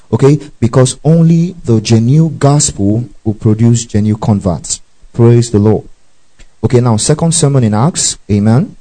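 A man's voice: medium pitch, dark tone, rough recording. A man preaching a Bible-teaching sermon. He reads scripture aloud, breaks in to explain it, tells listeners what to underline and keeps checking that they follow.

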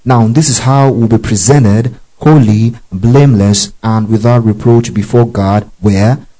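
A man's voice: fairly low pitch, measured pace, mellow, poor audio. A man teaching a Bible study, reading verses aloud and often asking the class if they follow. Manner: checks in often with the class, spells out Greek words.

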